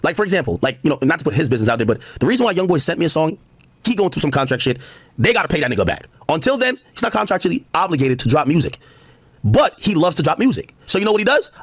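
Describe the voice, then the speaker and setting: Male streamer, high-pitched and fast, husky tone, insistent arguer in a debate. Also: big pitch swings, dry recording. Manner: argumentative, explains insistently, talks over others. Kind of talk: heated live-stream debate.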